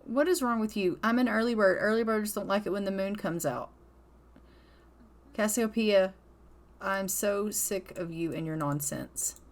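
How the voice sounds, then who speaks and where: A woman's voice: medium pitch, unhurried. A woman hosting a casual let's-play, exasperated and scolding her game characters, and speaking their thoughts aloud for them. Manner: voices characters' thoughts in quotes. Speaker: gaming channel host.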